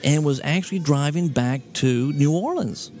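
A man in his thirties from Louisiana, hosting a podcast in casual chat, easygoing and quick to laugh, often trailing off with "uh". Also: a little high, darkish tone, soft background music. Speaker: podcast host.

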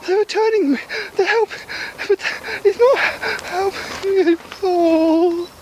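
Woman as a shaky, forgetful man in an audio drama; high-pitched, breathless pleading, light noise. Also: normal speed, darkish tone, lightly acted, low-quality recording. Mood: tearful. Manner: breathless, panicky, tearful pleading. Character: confused frightened man losing his memory.

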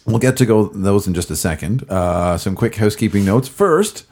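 Male podcast host, very low, husky and gravelly, rambly casual delivery. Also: normal speed, darkish tone. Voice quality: gravelly, recovering voice. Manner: rambling, many fillers and self-corrections. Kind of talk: casual hockey podcast chat.

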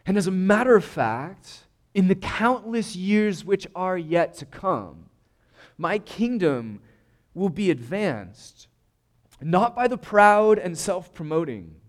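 Male pastor giving a sermon, emphatic and earnest, slow deliberate pace. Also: high voice. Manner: earnest, emphatic, with restarts and repeated words.

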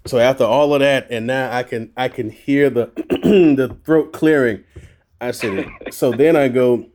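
A man who is a voice actor, telling stories as a guest in a casual podcast conversation, animated and quick to laugh. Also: medium pitch.

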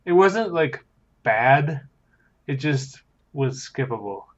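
A Canadian man co-hosting a podcast, speaking in a relaxed, dry, easygoing way. His audio sounds dull and a bit lo-fi, as if from a cheaper mic. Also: mid-range voice, slow pace. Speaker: podcast co-host. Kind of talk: casual chat.

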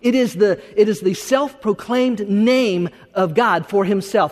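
A man preaching a sermon as pastor, talking in an animated, conversational way with many restarts. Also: very high-pitched, normal speed, few pauses. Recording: long hall reverb.

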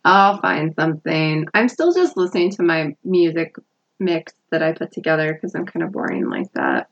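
A woman co-hosting a podcast, chatting casually about a TV show in a relaxed, agreeable way and laughing easily. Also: low voice, moderate pace. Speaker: podcast co-host. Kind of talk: casual chat recapping a TV show. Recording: dull lo-fi sound.

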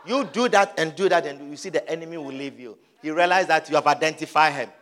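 A man's voice: fairly high pitch, quick pace, fairly bright tone. A man preaching a sermon, urging his listeners with emphatic, repeated exhortations.

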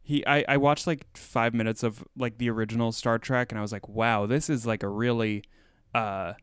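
A man talks casually on a podcast in a smooth, resonant voice, recorded dry and close. He rambles with plenty of fillers and tosses in jokes. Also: mid-range voice, steady tone, normal speed, no echo. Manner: rambling, filler-heavy, jokey. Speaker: podcast co-host. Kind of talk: casual chat.

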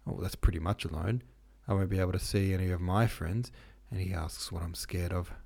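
A man's voice: low-pitched, fairly even intonation, brisk, creaky, mellow. A man voicing a petulant, tearful young princess, pleading and whiny. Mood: sulky.

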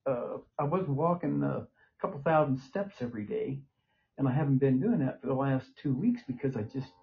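An older man, short of breath, talks in a medium-pitched, expressive voice at a moderate pace, with vocal fry. A plain-spoken rambler and winded patient, he's in casual conversation, captured in a muffled, dull lo-fi hospital-room recording with faint noise.

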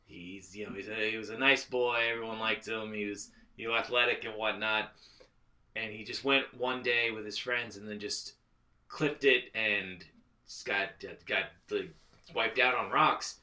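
A man's voice: on the low side, fairly even intonation, unhurried, bright, forceful tone. A man co-hosting a casual movie podcast, rambling with lots of fillers and swearing. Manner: rambling, filler-heavy, profane. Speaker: podcast co-host.

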